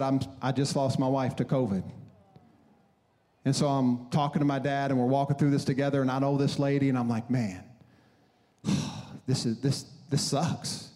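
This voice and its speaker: A man's voice: medium pitch, warm tone. A man in his thirties preaching a sermon on a church stage, telling stories animatedly and acting out his own frantic prayers. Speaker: pastor.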